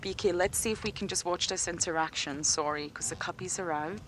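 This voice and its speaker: A woman's voice: fairly low pitch, brisk, background noise. A woman safari guide giving chatty live wildlife commentary outdoors on a game drive, often laughing and dropping to a whisper near the animals.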